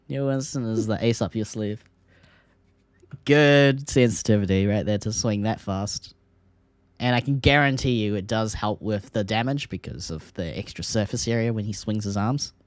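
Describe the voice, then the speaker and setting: An Australian man co-hosting a casual esports podcast, excitable and laughing often, his pitch leaping up when something grabs him. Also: moderate pace, no echo. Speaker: podcast co-host.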